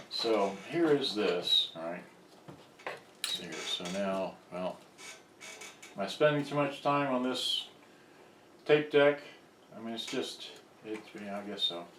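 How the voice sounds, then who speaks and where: A man explaining a repair on camera, thinking aloud in a halting, rambling way with many restarts, recorded on a handheld camera's built-in mic. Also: lowish voice, distant mic. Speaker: electronics hobbyist explaining a repair. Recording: roomy, off-mic, faint background noise.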